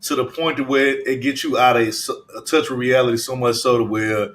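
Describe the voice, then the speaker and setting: A man's voice: medium pitch, fairly even intonation, fairly quick, a bit bright. Emphatic man, cursing and repeating himself. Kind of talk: casual chat.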